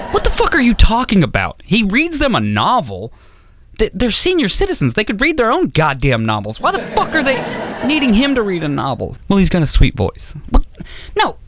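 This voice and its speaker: A man's voice: a little high, fairly bright tone, no echo. A man doing stand-up comedy, telling a story in an exasperated, stammering, profane way, acting out both sides of a conversation. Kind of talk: stand-up routine. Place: comedy club stage.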